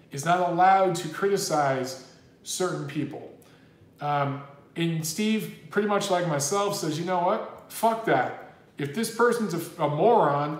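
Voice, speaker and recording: Reading super chats on his casual boxing stream, a man rambles and chats, dropping "dude" often. His pitch is fairly high, and the room sounds echoey.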